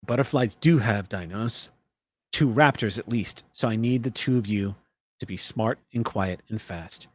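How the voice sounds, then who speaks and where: A man's voice: on the low side, measured pace. A man voicing a tough, blunt female camp boss who swears a lot. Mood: gruff.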